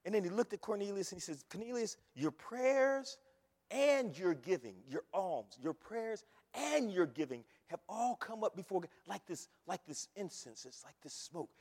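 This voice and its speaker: Male preacher, high lively voice, sermon in a reverberant church. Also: moderate pace. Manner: animated, repeats phrases, rises to shouts. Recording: long hall reverb.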